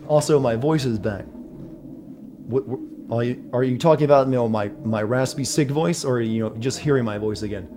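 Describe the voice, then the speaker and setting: A man's voice: mid-range voice, normal speed, background noise. A man streaming a video game, chatting casually with viewers about connection problems and his play.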